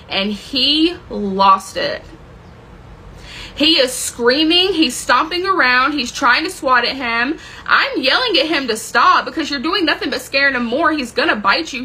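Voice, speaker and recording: A woman's voice: high voice, pushed and bright, a little hiss or hum, poor audio. A woman telling a dramatic personal story with plenty of swearing, intense and emotional in her retelling. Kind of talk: personal story told to camera.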